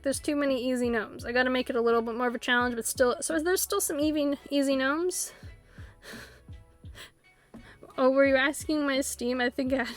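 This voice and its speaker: A chatty woman with a high, light voice talks to her viewers on a game stream. She rambles happily and breaks into giggles often. Soft game music plays faintly underneath. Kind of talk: casual live-stream chat while playing.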